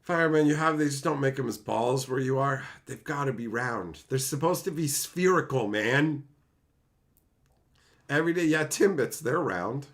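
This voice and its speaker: A man's voice: medium pitch, expressive, normal speed. A man streaming live, reading chat and ranting at it in profane, exasperated bursts.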